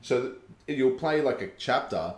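A man chatting casually as a podcast host, animated and swearing, acting out quotes. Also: mid-range voice, moderate pace, roomy sound. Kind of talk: casual chat.

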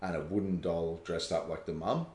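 Animated man. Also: low-pitched, moderate pace, roomy sound. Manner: animated, swearing, acts out quotes. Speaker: podcast host. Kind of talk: casual chat.

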